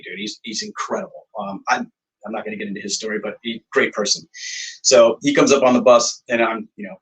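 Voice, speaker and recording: A man's voice: on the low side, recorded from a distance, rough recording. A man, a songwriter and producer, casually telling stories in an interview, acting out quoted dialogue with lots of fillers. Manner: animated storyteller, acts out quoted dialogue, frequent fillers.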